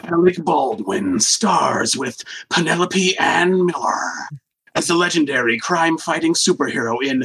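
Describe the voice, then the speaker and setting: A grand, slow-talking movie trailer announcer, as a man puts him on, stretching every phrase for drama. The voice is bright and a little husky. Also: a little high, expressive, exaggerated voice, poor audio. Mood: dramatic. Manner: slow, drawn-out trailer cadence.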